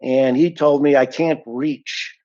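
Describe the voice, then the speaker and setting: A man's voice: medium pitch, steady tone, slow pace, warm tone, dull audio. A man giving an indignant, emphatic account of a complaint as an unhappy client, stressing and repeating his points. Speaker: dissatisfied client giving a review.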